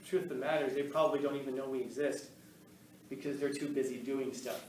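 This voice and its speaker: A man tells stories to an audience in a loose, rambling talk full of laughter and restarts, filmed in a room. His medium-pitched voice is steady and quick, picked up by a distant mic in an echoey space with faint ambience and a bit of hiss or hum.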